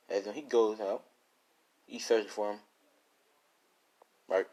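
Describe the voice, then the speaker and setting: A man with a lowish voice telling an improvised fan story in a loose, rambling way. He swears freely and leans on fillers, restarting sentences as he goes. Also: steady tone, takes it slowly, mellow. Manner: rambling, crude, many fillers.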